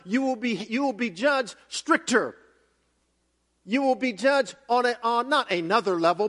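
A male pastor giving a sermon, telling a story in an animated way with many restarts and fillers. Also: extremely high pitch.

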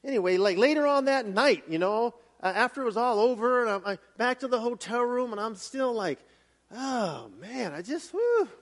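A man preaching a sermon with a strikingly high voice. He tells his story in a lively, animated way, stumbling through restarts and fillers as he goes. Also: a little fast, few pauses. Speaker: pastor.

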